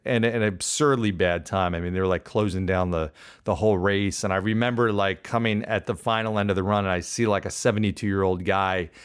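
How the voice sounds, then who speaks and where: A man hosting a podcast, telling a personal story in an animated, self-deprecating way. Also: sits low, a little fast, clear, resonant tone. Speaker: podcast host. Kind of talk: casual storytelling monologue.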